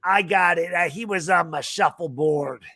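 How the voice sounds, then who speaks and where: A high, loud, cackling older football executive with a Boston accent, gloating over a trick he pulled, as a man puts him on. The voice jumps well above a normal speaking pitch and stays bright and sharp, with a dry, close sound. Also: normal speed, dry recording.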